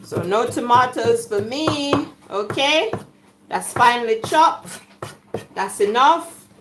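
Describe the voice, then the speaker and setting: Slow-talking Jamaican woman, chatty cook. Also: fairly high pitch, expressive, background noise. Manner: chatty, jokey, laughs often. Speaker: cooking vlogger. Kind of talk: casual cooking chat. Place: home kitchen.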